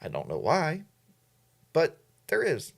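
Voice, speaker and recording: A man's voice: fairly high pitch, huge pitch swings, takes it slowly, gravelly, husky. A man hosting a casual livestream, reading viewer comments and rambling off topic. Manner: rambling, admits he goes off topic. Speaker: livestream host.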